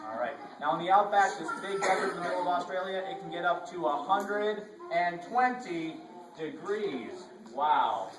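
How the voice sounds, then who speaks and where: A man's voice: sits high, expressive, normal speed, crowd noise. A man from Florida leading an educational show for children, coaxing them through call-and-response. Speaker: children's performer. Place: large library hall, indoors. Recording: echoey hall from far off.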